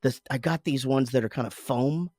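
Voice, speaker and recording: A man's voice: medium pitch, moderate pace, darkish tone, no echo, clean studio sound. A man in his forties, co-hosting a casual podcast, telling a rambling, profane story about his morning with lots of self-interruptions. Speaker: podcast co-host, father.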